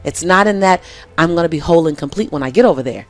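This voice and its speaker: A woman's voice: lowish voice, expressive, fast. A woman chatting as an interview guest, earnest and fond of repeating her key phrases. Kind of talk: casual conversation.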